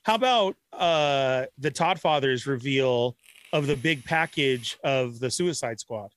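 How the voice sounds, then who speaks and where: A man hosting a casual chat among collectors, eagerly steering the topics and laughing loudly. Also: mid-range voice, unhurried. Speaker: podcast host.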